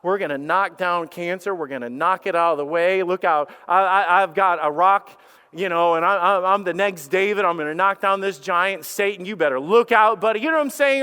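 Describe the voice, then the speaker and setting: A middle-aged man preaching a sermon, telling a personal story with animated restarts and acted-out quotes. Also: sits high, brisk, clear, resonant tone. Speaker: pastor. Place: church sanctuary. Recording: reverberant church hall.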